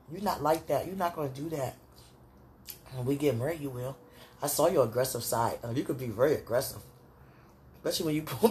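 A woman's voice: sits low, darkish tone, husky. Woman musing intimately, rambling and prayerful. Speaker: podcaster. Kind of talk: casual spoken monologue.

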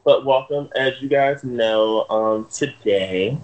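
A man's voice: mid-range voice, slow pace, a little mellow. A man co-hosts a casual podcast over an internet call, with a mid-range voice. He talks in a playful, teasing way and draws out his introductions. The call audio is uneven in places. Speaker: podcast co-host. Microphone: remote call, Skype.

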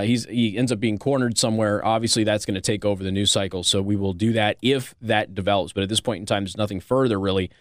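A man's voice: medium pitch, no room sound, studio quality. A man hosting a commentary show, talking casually with a sarcastic, rambling manner and frequent restarts. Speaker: political commentary host.

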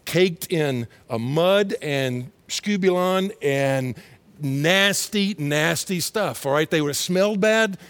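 A man's voice: a little high, dry recording. A middle-aged man from Texas, preaching a conversational sermon and acting out quoted voices. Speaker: pastor.

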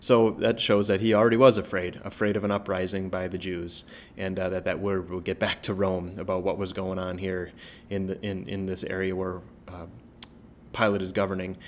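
Low-voiced man teaching from the Bible. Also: slight background noise. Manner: conversational, many fillers and tag questions; prays softly at the close. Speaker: pastor.

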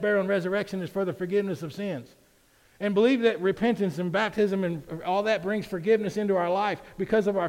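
A man preaches in a church. His voice sits a little high and he talks to the congregation in a conversational way, then builds to loud, emphatic peaks. The sound carries a long reverb from the hall. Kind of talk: sermon. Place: church sanctuary.

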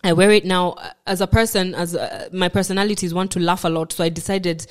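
A woman, a podcast guest, telling a personal story in a halting way, repeating words and acting out what others told her. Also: lowish voice, steady tone.

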